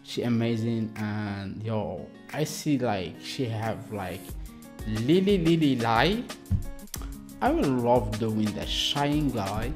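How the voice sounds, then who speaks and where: A man from Algeria hosting a reaction video, talking excitedly in broken English with many exclamations. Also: medium pitch, takes it slowly, music in the background.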